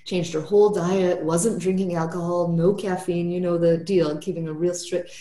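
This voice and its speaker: A woman therapist with a slightly low voice chats loosely about a client, ending almost every sentence with "right?" and filling gaps with "you know". The sound is roomy and echoey. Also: steady tone, moderate pace, warm tone. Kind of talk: casual podcast conversation.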